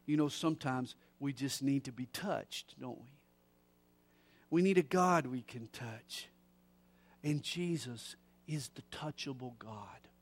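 A middle-aged man preaching a sermon, moving from soft, low passages to loud, slowed emphatic lines. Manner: builds from soft to loud, slowing on key phrases.

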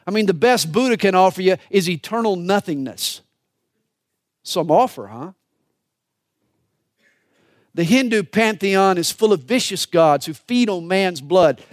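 A man with a high voice preaches with swings between hushed, intimate lines and fervent, pleading bursts. The sound is dry and close, with no room around it. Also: animated, measured pace, long pauses, dry recording. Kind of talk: sermon.

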